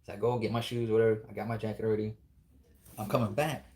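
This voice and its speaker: A man's voice: on the low side, level tone, fast talker, dark tone. A man telling a spooky story in a casual, rambling, profane way, acting out the dialogue as he goes.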